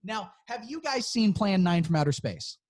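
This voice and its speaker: A man's voice: sits high, sing-song, moderate pace. A man co-hosting a podcast, chatting casually, joking and swearing a lot. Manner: profane, joking, laughs often. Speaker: podcast co-host. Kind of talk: casual chat.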